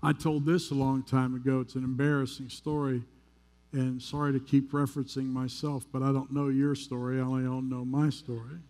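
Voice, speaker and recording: A pastor from the United States preaching a sermon in a church, telling a story in a candid, conversational, self-deprecating way. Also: male voice, medium pitch, level tone, normal speed, a little mellow. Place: church sanctuary.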